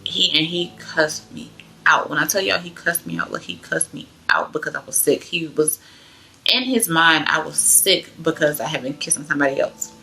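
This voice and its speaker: A young woman tells her own story in a casual, rambling way. Her voice sits low and carries a gravelly fry. It also has a bright, forward edge. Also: moderate pace. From Georgia, US. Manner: chatty, loose, many "like" fillers. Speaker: vlogger sharing her testimony.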